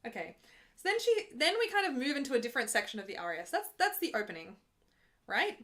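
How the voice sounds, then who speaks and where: A woman's voice: high voice, very animated, fast talker, fairly bright tone. A young woman opera singer talking casually from her apartment, explaining an aria between sung examples in a chatty, patient way with easy laughs.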